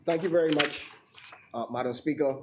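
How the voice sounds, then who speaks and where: A Bahamian man speaking in a parliamentary debate, his voice hoarse and strained. He sits a little high for a man and pushes on through stumbles, fillers and repeated words as he builds his argument. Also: a little fast, a little hiss or hum. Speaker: member of parliament.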